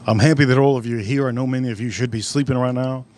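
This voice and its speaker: A man with a mid-range voice hosts a casual live stream from an outdoor barbecue. He rambles from one story to the next and tells them with animated energy, talking loosely and off the cuff. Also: medium pitch, racing.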